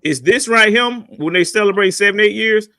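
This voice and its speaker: A man's voice: high voice, fairly quick, sharp tone, no room sound, studio quality. A man acting as a life coach on a call-in talk show, teasing and lecturing playfully. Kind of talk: casual call-in show banter.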